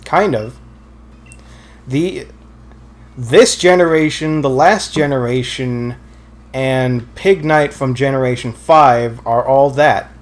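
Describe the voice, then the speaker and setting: A man's voice: medium pitch, takes it slowly, pauses often. A man casually commenting while playing a video game, rambling and correcting himself, with dry teasing jokes. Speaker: let's play co-host.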